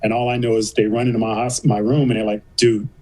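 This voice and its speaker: A man's voice: fairly low pitch, flat delivery, fast, mellow, faint music behind, rough recording. A man, a podcast guest, telling a personal story in casual talk and acting out the voices of people he quotes.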